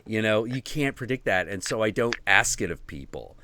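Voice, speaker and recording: A man's voice: on the low side, lively intonation, normal speed, sharp tone. A man hosting a stream, chatting casually with loose swearing. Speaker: stream host. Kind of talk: casual profane chat.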